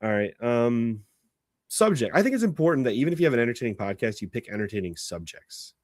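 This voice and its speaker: A man's voice: mid-range voice, very animated, quick pace, no echo, studio quality. A man hosting a podcast in casual chat. He laughs often and restarts his sentences. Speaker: podcast host.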